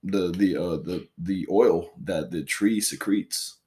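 A man's voice: low-pitched, slow pace, darkish tone. A man co-hosting a podcast in casual chat, rambling with frequent laughs and restarts. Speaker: podcast co-host.

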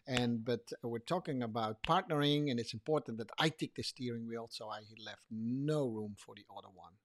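A man's voice: medium pitch, normal speed, few pauses. A man co-hosting a dance podcast, explaining his points by demonstrating them, with lots of "you know" and "right". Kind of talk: casual conversation about dance.

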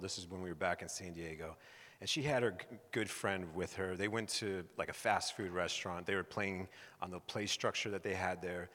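A man in his thirties preaching a sermon, telling a personal story with lively acted-out quotes. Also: deep voice, big-room sound. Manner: animated storyteller, acting out quoted voices. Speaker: pastor.

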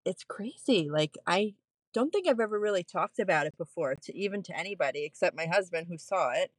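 Animated woman telling her story. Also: on the low side, a little fast, no echo. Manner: animated, laughs often, many fillers. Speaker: guest, postpartum nurse. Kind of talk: candid personal storytelling.

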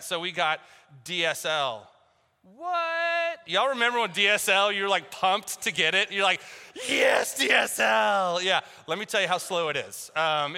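In a church hall thick with long reverb, a male pastor delivers a sermon, playing both ends of a phone call in a joke-filled story. His voice is high-pitched and smooth, with a sharp tone.

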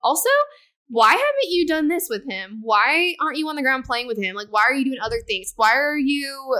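A woman's voice: high-pitched, fairly quick. A young adult woman co-hosting a podcast, chatting casually and acting out quoted exchanges with animation. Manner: animated, acts out quoted exchanges with her husband. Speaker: podcast co-host. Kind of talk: casual chat.

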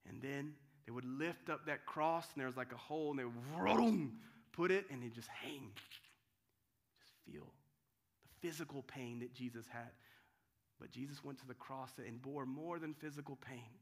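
A man preaching a sermon as pastor, dramatic, swinging from loud cries to hushed tones and often restarting his words. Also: medium pitch, normal speed. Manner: restarts and repeats words while telling the story.

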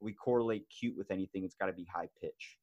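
A man's voice: sits low, quick pace, darkish tone, dull audio. Joking podcast host, casual man. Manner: joking, loose, swears freely. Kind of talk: casual comedic chat.

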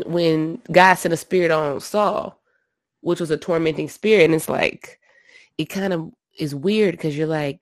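A woman casually retelling Bible stories, slangy and animated, acting out the characters' lines. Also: on the low side, no room sound, clean studio sound. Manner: animated storyteller, slangy, acts out quotes. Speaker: podcast co-host discussing scripture. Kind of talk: casual Bible discussion chat.

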